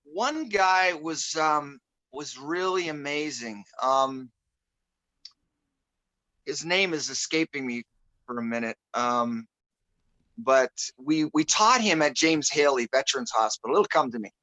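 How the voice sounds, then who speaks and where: Bright-voiced man telling a story. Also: fairly high pitch, animated, unhurried, no room sound, low-quality recording. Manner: rambling, searches for words, many fillers. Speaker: guest musician. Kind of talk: casual storytelling.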